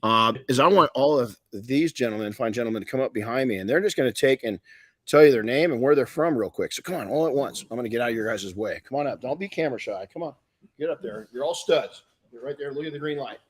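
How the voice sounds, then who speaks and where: A man's voice: medium pitch, expressive, quick pace, slightly rough, no room sound, studio quality. A middle-aged man hosting a live podcast, telling stories in a rambling, folksy way with many restarts. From Southern California. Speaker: podcast host and detailing educator.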